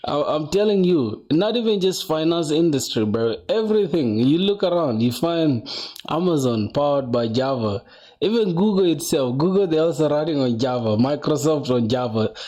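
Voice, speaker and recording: A young man talks loosely to his livestream audience while he sets up to code. His voice is warm and dark rather than bright. He rambles, answers chat and drops a lot of "bro". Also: on the high side. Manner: chatty, rambling, says bro a lot, reads chat aloud. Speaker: coding livestreamer.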